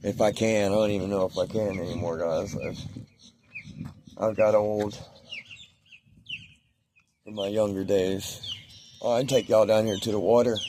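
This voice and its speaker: A man's voice: on the low side, fairly even intonation, moderate pace, long pauses, mellow. A man vlogging casually outdoors by the water, chatting to his viewers in a rambling, easygoing way while filming on his phone. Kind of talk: casual outdoor vlog talking to camera. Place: outdoors by a pond or lake. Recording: outdoor phone recording with background noise.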